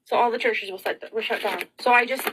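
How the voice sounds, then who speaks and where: A woman's voice: a little high, brisk, background noise. A middle-aged woman vlogging in an emotional, rambling monologue, frazzled and tearful, sighing and asking rhetorical questions.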